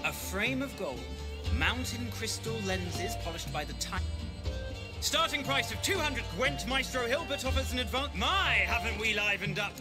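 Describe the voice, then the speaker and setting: An actor voicing a pompous auctioneer in a video game who calls out bids with grand, showy flourishes. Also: male voice, extremely high pitch, expressive, normal speed, loud music behind the voice. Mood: grandiloquent. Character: pompous theatrical male auctioneer.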